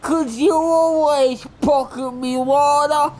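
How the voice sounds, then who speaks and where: A man's voice: very high-pitched, steady tone, slow, a little mellow. A man with an Australian accent voicing a grumpy, stubborn bogan in a cartoon, speaking in a sullen, mumbling drawl.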